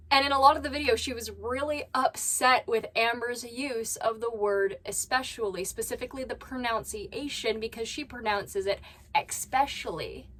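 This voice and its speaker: Woman reaction host, bright and sharp, opinionated and sarcastic. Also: fairly high pitch. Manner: blunt, critical, sarcastic asides. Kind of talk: casual reaction commentary. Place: at home.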